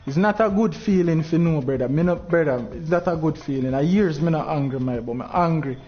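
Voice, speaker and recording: A man's voice: a little high, a little fast, lo-fi sound. A Jamaican man hosting a game tournament livestream, talking in heavy patois, frustrated and preaching at his viewers.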